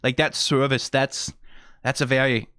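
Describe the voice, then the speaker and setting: A man's voice: mid-range voice, little pitch movement, measured pace, bright, forceful tone, clear, resonant tone, dry recording, studio quality. A young Danish man with a Danish accent, casually musing and rambling through a reaction video. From Denmark. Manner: musing, rambling, many restarts and laughs.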